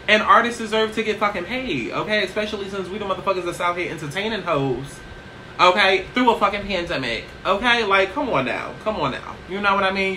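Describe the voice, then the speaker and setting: A woman chatting casually in a get-ready-with-me vlog, brash and profane, tossing in "okay?" constantly while seated low in a small chair. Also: bright, forceful tone, a little hiss or hum, rough recording. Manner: brash, profane, sassy, keeps asking "okay?". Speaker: YouTuber.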